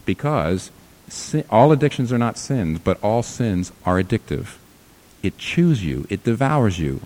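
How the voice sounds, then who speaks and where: A man preaching a sermon as pastor, emphatic, rising to loud peaks and dropping to quiet low lines. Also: very animated, measured pace.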